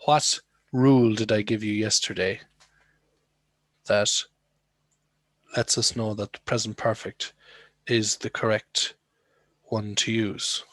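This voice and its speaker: A man's voice: lowish voice, steady tone, slow, pauses often, a bit bright. A man teaching English to students on a video call, asking questions and repeating key words to coax answers. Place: online class.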